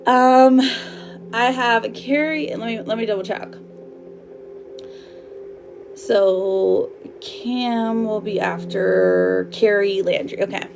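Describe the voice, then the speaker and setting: A woman's voice: medium pitch, slow, gravelly, long pauses, over music. A woman doing a live tarot reading for viewers, bubbly and affectionate, chatting loosely with lots of fillers and laughs. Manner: affectionate, calls viewers girl and my love. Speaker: tarot reader.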